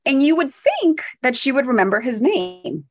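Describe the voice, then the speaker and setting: Animated woman telling a story. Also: high-pitched, normal speed. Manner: animated storyteller, laughs often. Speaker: podcast co-host. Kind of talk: casual chat.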